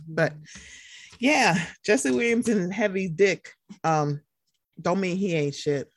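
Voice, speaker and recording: A woman's voice: lowish voice, slow, no echo. A woman co-hosting a casual gossip podcast, talking animatedly and slipping into playacted quotes. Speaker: podcast co-host.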